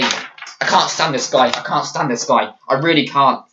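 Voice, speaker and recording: A man's voice: mid-range voice, moderate pace, noisy background. Angry swearing man ranting, echoey room. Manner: heated, swearing, frequent restarts. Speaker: wrestling show reviewer. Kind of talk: angry ranting video review. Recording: echoey room, dull lo-fi mic.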